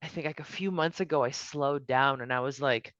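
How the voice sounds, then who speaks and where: A woman's voice: very deep voice, fairly quick, a bit bright, dry recording, highs cut off. A woman guest on a podcast, chatting casually and upbeat, with many restarts and casual slang. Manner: upbeat, restarts a lot, says "dude" and "oh my gosh". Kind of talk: casual chat.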